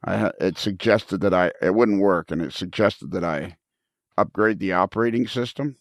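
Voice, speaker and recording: A man's voice: low voice, normal speed, no room sound. A man hosting a podcast, telling a rambling, self-deprecating story in casual chat from a studio. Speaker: podcast host. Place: recording studio.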